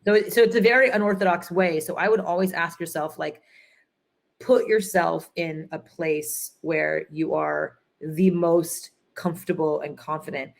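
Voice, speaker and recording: Entrepreneur guest, a woman with a deep voice, chatty and animated, acts out what people said. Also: moderate pace, vocal fry. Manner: animated storyteller, acts out quotes, many fillers. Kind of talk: conference interview, storytelling.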